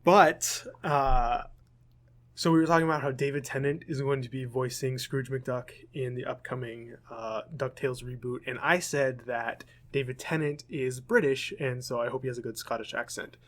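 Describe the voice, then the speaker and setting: A man's voice: mid-range voice, moderate pace. Rambling young man podcast host. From United States. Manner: rambling, self-correcting, frequent ums. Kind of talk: casual chat.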